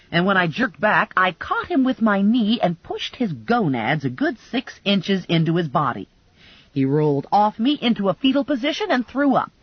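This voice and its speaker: A woman narrating a first-person crime comedy audiobook in a lively, wry storytelling manner. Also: medium pitch, breathy edge, dry recording, muffled recording.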